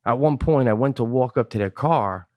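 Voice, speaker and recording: A man's voice: mid-range voice, normal speed, no echo, muffled recording. A man hosting a podcast, telling a comedic story with lots of swearing and acted-out voices. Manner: animated, profane, acts out quoted voices; swears often. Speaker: podcast host.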